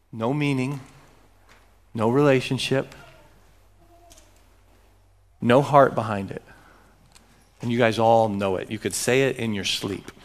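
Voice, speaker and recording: A man preaching a sermon as pastor, emphatic and joking with his congregation. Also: medium pitch.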